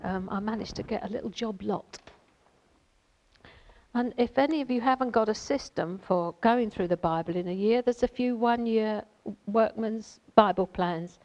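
A woman's voice: medium pitch, moderate pace, darkish tone, lo-fi sound. A woman giving an informal Bible teaching, chatty and rambling, with many fillers and asides. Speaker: lay preacher.

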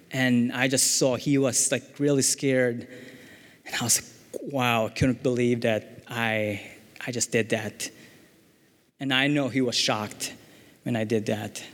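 A young man sharing a personal testimony in church, speaking earnestly and haltingly with fillers and restarts. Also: medium pitch, fairly bright tone, long reverb tail.

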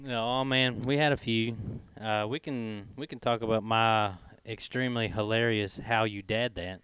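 A man's voice: fairly low pitch, steady tone, moderate pace, a bit bright, clean tone. A man in his thirties, a father and podcast co-host, telling stories in an easygoing way and often saying "oh, man.". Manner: easygoing storyteller, chuckling, "oh, man". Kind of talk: casual chat.

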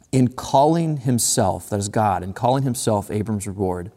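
A man preaching a sermon in an earnest way, repeating phrases and slowing down to read scripture aloud. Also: on the low side, darkish tone, long reverb tail. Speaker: pastor.

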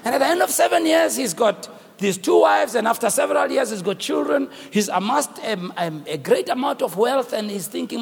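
A man with a South African accent preaching a sermon and telling the story dramatically, swinging from shouts to hushed tones. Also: very high voice, expressive, fairly quick, gravelly, husky. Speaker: bishop preaching. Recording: long reverb of a church hall.

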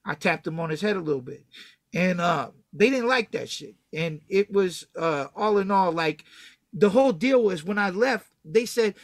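A man's voice: sits high, animated, normal speed, no echo, clean studio sound. A man from Texas telling a story from his own life as a guest, full of slang and swearing, acting out what people said. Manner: profane, slangy, acts out quotes loudly. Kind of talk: casual storytelling.

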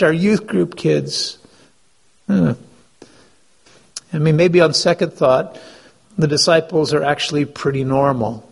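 A man's voice: a little high, husky. A male pastor preaching a sermon, retelling a Bible story and asking his listeners questions. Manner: storytelling, asks the congregation questions.

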